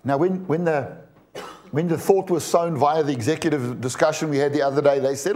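High-voiced preacher. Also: male voice, fairly even intonation, fairly quick, darkish tone. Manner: emphatic, repeats words, asks the congregation questions. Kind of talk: sermon.

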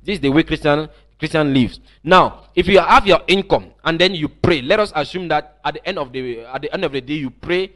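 A man's voice: fairly high pitch, brisk, fairly bright tone. A man preaching an online teaching sermon, emphatic and often repeating or restarting his phrases.

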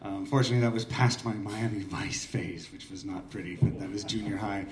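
A man's voice: on the low side, fairly even intonation, a little fast, distant mic, crowd noise. Open mic host in his forties, rambling self-deprecating storyteller, echoey room, heard from across the room. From Oregon, US. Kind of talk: casual personal storytelling. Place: small art gallery room.

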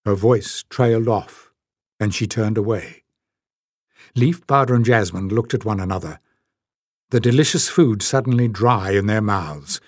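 A man reading a fantasy audiobook aloud in scripted narration, with even, measured storytelling. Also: lowish voice, dry recording, clean studio sound.

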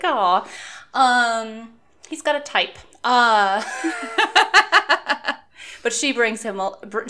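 Woman co-host, chatty book-discussion voice, lively, quick to laugh, mid pitch. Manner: animated, laughs often, acts out book characters' lines. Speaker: podcast co-host.

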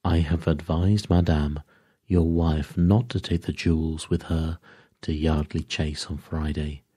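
A man's voice: a bass voice, flat delivery, unhurried, warm tone, slightly rough, no room sound, clean studio sound, exaggerated voice. A man voicing a fussy, courteous little male detective who drops French phrases and speaks dryly.

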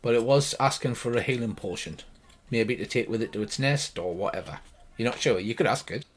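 A man running a tabletop game as game master, narrating in a wry, relaxed way. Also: mid-range voice, brisk.

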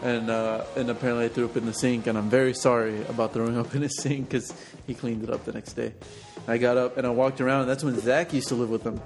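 A man at an ordinary pitch spins a rambling story for his friends, full of fillers and false starts. Quiet music runs in the background. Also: level tone, quick pace, hardly any pauses. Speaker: podcast co-host. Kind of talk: casual chat among friends.

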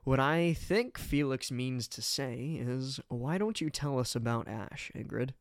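Casting: man as a soft-spoken, patient mentor, measured delivery. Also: medium pitch, no echo, studio quality, lightly acted. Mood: gentle. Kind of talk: storybook reading.

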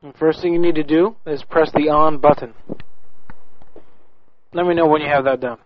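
Man, prank host, cheeky deadpan, higher voice, dull lo-fi audio, faint music. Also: moderate pace. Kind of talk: casual chat.

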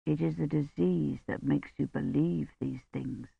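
A hushed, grave village priest, gentle and devout but stern when roused, as a woman reading a storybook puts him on. His voice sits low and quiet, close and dry, with a dull lo-fi sound. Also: steady tone, normal speed, gravelly, dry recording. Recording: dull lo-fi recording.

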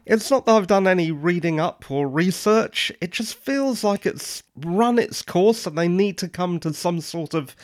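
A man's voice: high-pitched, dry recording, clean studio sound. A man hosting a solo podcast, giving opinionated, wry and dryly sarcastic commentary. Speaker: podcast host.

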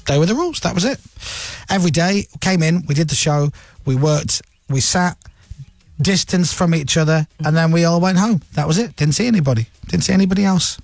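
A man's voice: fairly high pitch, a little mellow, no echo. A man hosting a radio talk show, giving his blunt opinions and mocking a politician. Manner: mocking, does voices of politicians. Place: radio studio.

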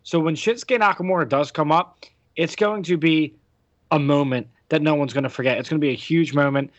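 An American man hosts a podcast, chatting casually about wrestling in a rambling way full of fillers and restarts. His voice sits on the high side and moves fairly quickly. The recording is muffled, with no room sound.

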